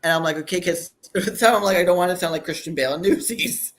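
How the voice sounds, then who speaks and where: A man's voice: high voice, fast talker, fairly bright tone. Rambling man in his thirties. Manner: rambling, restarts sentences. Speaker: guest, campaign creator. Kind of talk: casual chat.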